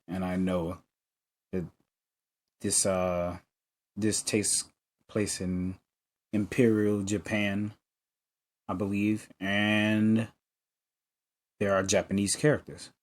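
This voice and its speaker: A man casually commenting on a game and reading its lines aloud, halting and stumbling over names. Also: lowish voice, a little mellow. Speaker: let's play host. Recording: music playing behind.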